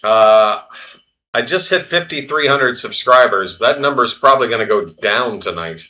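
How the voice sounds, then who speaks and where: A man hosting a baseball livestream, flustered and self-deprecating, muttering his way through the play-by-play. His voice is bright and forward, pitched at an everyday middle. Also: animated, moderate pace. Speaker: baseball stream host. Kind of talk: casual live play-by-play.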